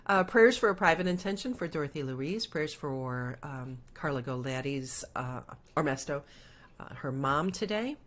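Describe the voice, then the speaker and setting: Middle-aged lady, low voice, chatty livestream host reading out comments, lots of ums. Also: lively intonation, moderate pace, a bit bright. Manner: reads out viewer comments and prayer requests, chatty with many fillers. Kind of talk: casual livestream chat.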